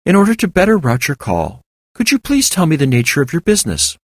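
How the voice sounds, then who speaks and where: A man puts on a relentlessly cheerful automated switchboard, pitched well above his own voice and full of bounce. Its phrases come out polite and scripted, in a dry, close reading. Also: wildly swooping pitch, fast talker, dry recording. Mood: chipper. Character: chipper automated phone switchboard. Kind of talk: audiobook character voice.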